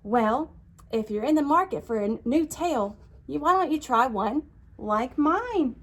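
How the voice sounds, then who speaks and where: A woman's voice: high voice, expressive, unhurried, a bit bright, husky, pitched above the performer's own voice, full character voice. A woman doing a friendly storybook elephant. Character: friendly male elephant, easygoing and helpful.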